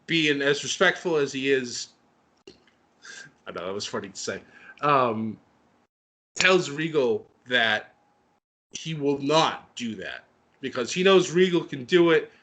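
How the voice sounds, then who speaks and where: Middle-aged guy on a podcast, bright lively voice, gets all worked up telling the story. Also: medium pitch, unhurried, pauses often. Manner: excitable, emotional storytelling. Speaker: podcast co-host. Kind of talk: casual chat.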